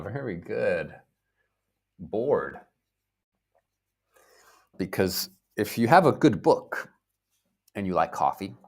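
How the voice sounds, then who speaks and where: A man from the United States teaching a live online English lesson, speaking slowly and clearly, repeating words and acting out feelings for his viewers. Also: fairly low pitch.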